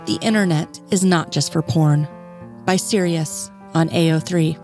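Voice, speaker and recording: A woman reading a fan story aloud as scripted narration, voicing every character herself with only small pitch lifts. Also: fairly even intonation, unhurried, darkish tone, faint music behind. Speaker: fanfiction reader.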